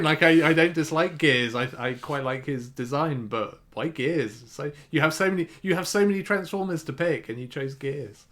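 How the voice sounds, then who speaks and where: A man's voice: fairly high pitch, normal speed, few pauses, a bit bright. A man co-hosting a podcast in casual chat, rambling and repeating words as he works through a point. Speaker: podcast co-host.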